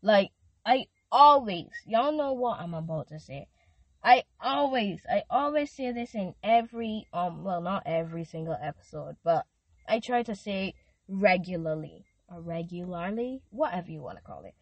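A woman's voice: medium pitch, lively intonation, moderate pace, husky, no echo, muffled recording. Earnest woman podcast host, dry close mic. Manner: earnest, emotional, leads prayers and chants. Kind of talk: devotional podcast talk with prayer.

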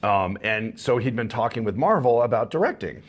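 A man's voice: mid-range voice, expressive, normal speed, breathy edge. A sleep-deprived man telling rambling anecdotes with frequent chuckles as a guest in a casual interview. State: tired, short on sleep.

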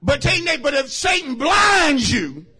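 A middle-aged male pastor preaching a sermon in a church, telling folksy stories and building into shouted preaching. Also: very high voice, very animated, a little slow. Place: church sanctuary.

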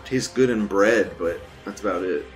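Man, young adult, show host, low voice, crude rambling talk, frequent laughter. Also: normal speed, soft background music. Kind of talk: casual commentary.

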